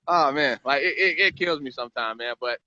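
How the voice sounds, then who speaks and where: A man's voice: on the high side, animated, measured pace, sharp tone, dry recording. A man hosting a casual live stream chat about marketing, rambling and repeating words. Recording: dry, slightly muffled live stream audio.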